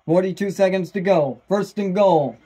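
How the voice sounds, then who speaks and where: Man, high-pitched voice, casual live sports commentary, excitable, loud bursts. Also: normal speed, husky. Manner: excitable, bursts into shouts at big plays; casual fan talk, repeats "wow". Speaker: fan doing live play-by-play commentary.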